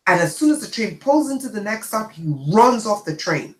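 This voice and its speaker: Woman host, casual storyteller, lively delivery, echoey room. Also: mid-range voice, moderate pace. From immigrant to the United States. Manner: chatty, animated, checks in with "okay?". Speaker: channel host.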